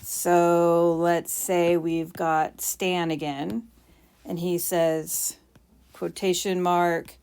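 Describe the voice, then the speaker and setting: A woman's voice: on the low side, level tone, extremely slow, a little mellow, smooth. A woman teacher explaining punctuation while writing, with playful mock bragging asides.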